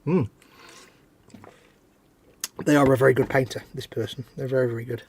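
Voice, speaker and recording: A British man co-hosts a casual live stream, joking around and reading out chat messages. His voice is mid-range, with fairly even intonation and a normal speaking speed. A little hiss or hum can be heard in the recording.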